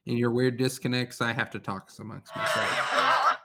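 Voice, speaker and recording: A man's voice: medium pitch, huge pitch swings, moderate pace, bright, forceful tone. A man co-hosting a casual chat, joking, laughing often and swearing. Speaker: podcast co-host. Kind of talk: casual chat while playing music.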